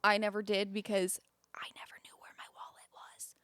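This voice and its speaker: A young American woman co-hosting a podcast, chatty and teasing, laughing loudly. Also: mid-range voice, monotone, normal speed, smooth, no echo. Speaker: podcast co-host. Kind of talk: casual chat.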